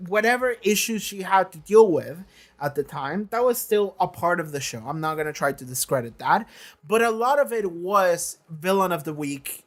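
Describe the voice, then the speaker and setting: A reaction-channel host talking casually in a question-and-answer vlog, animated and emphatic, with lots of filler words and casual swearing. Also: medium pitch, moderate pace. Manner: acts out quoted lines in shifted voices.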